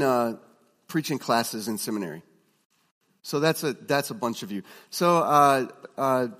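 A man teaches a room full of students in a conversational, story-driven way, stumbling over restarts and fillers. His voice sits at a middle pitch. It carries a long reverb from a large hall. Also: fairly bright tone. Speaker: preaching instructor. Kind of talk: classroom teaching talk.

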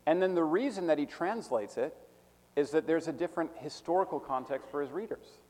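Man, teacher, fairly high voice, methodical classroom lecture, repeats definitions, long hall reverb. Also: lively intonation, darkish tone. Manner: methodical, repeats definitions slowly for note-taking.

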